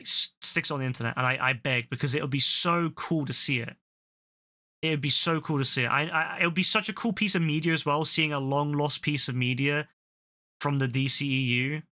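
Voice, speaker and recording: A young male streamer with a forceful, bright tone and a slightly raised pitch vents in casual live-stream chat. He swears often, stumbles over restarts and repeats his points as he rants. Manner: ranting, profane, repeats himself. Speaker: game streamer.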